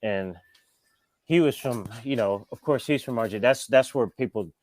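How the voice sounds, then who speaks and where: A man's voice: mid-range voice, moderate pace, darkish tone, dry recording. A man who owns a skateshop, telling stories as a guest in a sit-down interview, in a loose, rambling way full of "like" and "you know.". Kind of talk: casual storytelling in a sit-down interview.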